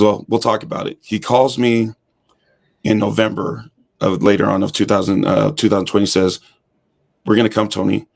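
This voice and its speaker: A man's voice: lowish voice, gravelly. A man guest on an interview show, telling his story casually and acting out the dialogue he quotes. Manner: animated storyteller who acts out quoted dialogue. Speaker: guest, hip hop fitness instructor.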